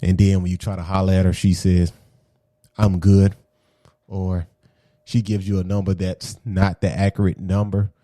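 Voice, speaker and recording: A man giving a casual, animated basketball opinion rant for his video channel. He repeats his points, drops slang and keeps asking "okay?". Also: low-pitched, moderate pace, no echo, clean studio sound. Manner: slangy and conversational. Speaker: sports commentary vlogger.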